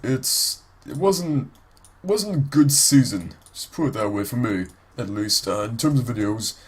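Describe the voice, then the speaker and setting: A man's voice: medium pitch, expressive, unhurried, breathy edge. Congested, nasal man rambling over gameplay. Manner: rambling, with many ums and restarts. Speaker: let's play creator. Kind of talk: casual gameplay commentary.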